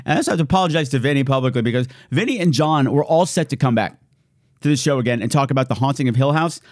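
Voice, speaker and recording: A man's voice: mid-range voice, fast, darkish tone, dry recording, clean studio sound. A man hosting his podcast, reading out thank-yous in a playful, giddy way with hammy announcer flourishes. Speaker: podcast host. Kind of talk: casual thank-you shout-outs.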